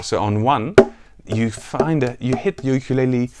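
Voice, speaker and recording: A man teaching a ukulele song, counting beats aloud and explaining the plucking pattern in a relaxed, casual way. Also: medium pitch, normal speed, heavy background noise. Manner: counts beats aloud and sings lines softly. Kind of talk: music tutorial with counting and singing. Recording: ukulele music under the voice. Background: ukulele playing.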